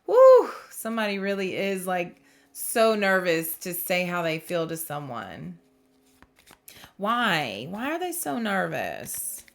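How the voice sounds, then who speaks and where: A young woman giving a tarot reading to her viewers, in a voice of middling pitch. She speaks slowly and musingly, pausing to feel things out, then offers gentle reassurance and the odd startled exclamation. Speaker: tarot reader. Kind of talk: intuitive tarot reading to camera.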